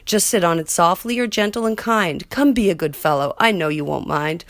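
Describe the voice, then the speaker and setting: A woman's voice: fairly low pitch, normal speed, no echo, close to an everyday voice. A woman voicing a lazy female bird, coaxing in a sing-song way for a storybook reading.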